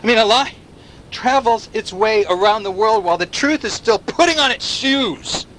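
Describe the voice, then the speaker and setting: A man's voice: high-pitched, moderate pace, fairly bright tone. An actor playing a paranoid male anti-surveillance activist in a video game, talking impassioned and firing rhetorical questions at the listener. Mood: impassioned rant. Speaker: game character.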